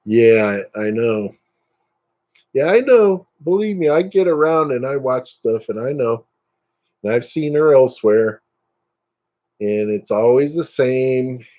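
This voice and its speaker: Guy on a live stream, low mellow voice, rants and brushes stuff off, gets squeaky when he's fired up. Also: expressive, a little slow, pauses often, dull audio. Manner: ranting, dismissive, jumps up in pitch when worked up. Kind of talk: casual live-stream chat with viewers.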